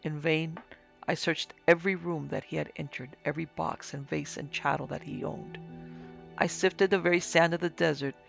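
A man narrating a classic story as an audiobook in a solemn, measured way, in a dry, dull lo-fi recording. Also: a little high, steady tone, gravelly, a bit bright, faint music behind. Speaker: narrator and producer.

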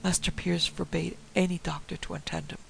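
A man's voice: on the high side, flat delivery, fairly quick, gravelly, a bit bright, a little hiss or hum, poor audio. A man voicing an anxious woman servant who speaks deferentially and flusteredly. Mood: nervous.

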